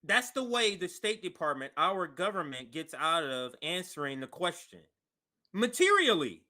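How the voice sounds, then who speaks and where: A man's voice: on the high side, very animated, moderate pace, bright, forceful tone. A man hosting a reaction commentary, asking pointed, incredulous questions about a clip. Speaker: commentary host.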